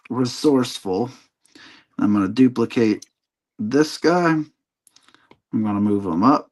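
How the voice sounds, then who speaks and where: A man hosting a livestream, talking himself through his digital sculpting steps in casual chat. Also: mid-range voice.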